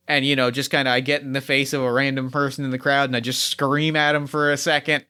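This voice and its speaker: A man's voice: medium pitch, little pitch movement, quick pace, bright, forceful tone, smooth. A man playing a tabletop game, eagerly describing his character's actions and stumbling over repeated words. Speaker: player.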